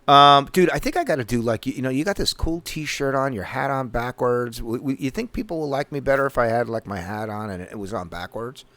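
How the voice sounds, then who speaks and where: A man's voice: mid-range voice, brisk, hardly any pauses, fairly bright tone, no echo. A middle-aged man, telling rambling stories full of swearing on a casual podcast. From Northeastern US. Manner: swears constantly, loose rambling anecdotes. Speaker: podcast host. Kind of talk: casual profane storytelling.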